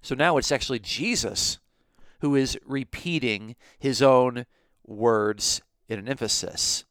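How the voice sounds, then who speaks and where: A man's voice: mid-range voice, slow, a bit bright, smooth, no room sound, clean studio sound. A man teaching a podcast Bible lesson, explaining his points methodically and step by step.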